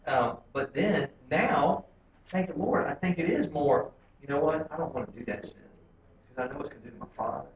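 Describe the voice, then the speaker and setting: A man with a slightly high voice thinks out loud, sharing reflectively with a men's group. He sounds distant from the mic in an echoey room, with clear noise behind him and a dull, lo-fi sound. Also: brisk. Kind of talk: casual testimony. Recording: far-off echoey lo-fi room recording.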